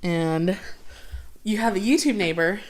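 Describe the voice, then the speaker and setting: A woman's voice: mid-range voice, a little slow. Chatty young woman livestream host. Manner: chatty, rambling, with lots of "like" and "um". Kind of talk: casual livestream chat with viewers.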